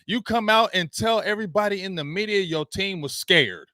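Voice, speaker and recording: A man's voice: high-pitched, normal speed, sharp tone, no echo, studio quality. A man hosting his own late-night show, ranting about football in a heated, mocking, slangy way. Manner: heated, mocking, barking dog noises, slangy. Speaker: show host. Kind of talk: animated sports rant.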